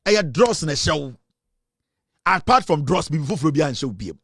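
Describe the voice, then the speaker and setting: A man's voice: fairly high pitch, animated, moderate pace, pauses often, fairly bright tone, slightly rough, no echo, studio quality. A Ghanaian man hosting comic political commentary, mixing English with Twi and laughing often. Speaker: show host.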